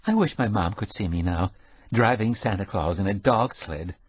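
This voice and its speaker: A man voicing an eager, excited young woman who drives a dog sled, chattering brightly. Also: fairly low pitch, normal speed, husky. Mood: delighted.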